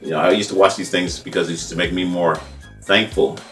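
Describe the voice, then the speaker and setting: On his vlog, a California independent journalist in his fifties offers rambling, heartfelt, repetitive commentary, often dropping in "man." His voice sits low and fairly bright, with fairly even intonation and a slightly fast pace. A distant mic picks him up over faint music.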